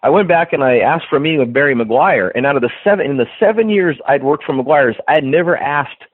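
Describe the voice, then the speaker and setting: Animated man on a tinny phone line. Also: a little high, quick pace, no room sound. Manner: animated storyteller, acts out quoted dialogue, frequent restarts. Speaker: podcast guest, detailing trainer. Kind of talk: storytelling interview chat.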